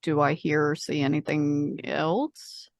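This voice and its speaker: Hesitant low-voiced woman player. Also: level tone, vocal fry, dry recording, clean studio sound. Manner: hesitant, halting with restarts. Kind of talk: casual tabletop play.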